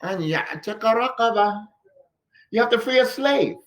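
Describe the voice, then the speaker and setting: A man with a fairly high, very lively voice teaches a religious class in a mosque. He keeps throwing questions at the people in front of him and hammers points home by saying them again and again. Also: brisk. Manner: animated, fires rhetorical questions at listeners; repeats phrases for emphasis. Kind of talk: classroom-style religious lesson. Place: mosque hall.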